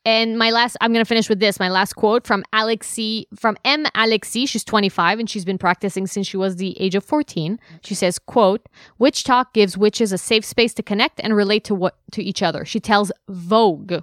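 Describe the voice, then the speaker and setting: A woman's voice: medium pitch, fairly even intonation, moderate pace, no echo, studio quality. A woman co-hosting a podcast in casual chat, swearing freely and reading out quotes with sarcasm. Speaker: podcast co-host.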